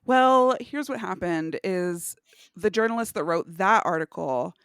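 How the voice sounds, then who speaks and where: Animated, wry woman podcast co-host. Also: medium pitch, unhurried, clear, resonant tone, dry recording, clean studio sound. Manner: wry, animated, jokey with playful swearing. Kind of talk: casual chat.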